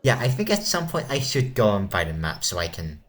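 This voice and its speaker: A young man hosting a casual let's play, chatting and reading game text aloud quickly and flatly. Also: fairly low pitch. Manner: reads game text aloud fast and flat. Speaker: gamer.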